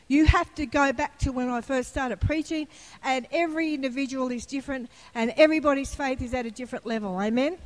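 A woman preacher giving a sermon, telling a personal story in a chatty way and rising into fervent, emphatic preaching. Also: high-pitched. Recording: long hall reverb.

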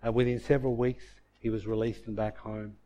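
A man preaching a sermon, telling a story and swinging from loud bursts to hushed tones. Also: lowish voice, level tone, fairly quick. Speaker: pastor.

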